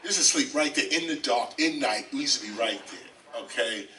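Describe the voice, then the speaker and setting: Animated older New man. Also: mid-range voice, normal speed. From South Bronx, New York. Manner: emphatic, repeats phrases, often says "okay?". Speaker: interview guest, rapper and teacher. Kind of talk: animated storytelling. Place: library, indoors. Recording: distant mic, faint background noise.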